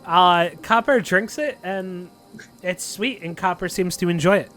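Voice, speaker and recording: A man's voice: sits high, measured pace, a bit bright, faint music behind. A man narrating a tabletop game as game master, rambling with lots of fillers.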